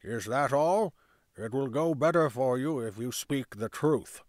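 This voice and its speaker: A man's voice: medium pitch, expressive, measured pace, dry recording, clean studio sound, lightly acted. A man reading as a grave, stern town constable. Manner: grave, formal, clipped orders. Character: stern male town constable, secretly helpful.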